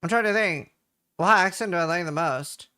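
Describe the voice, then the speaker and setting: A man from Norway chats loosely through a live stream, answering his chat aloud. His voice sits a bit high and rings bright and forceful, with casual swearing. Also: normal speed, clear, resonant tone. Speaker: game streamer.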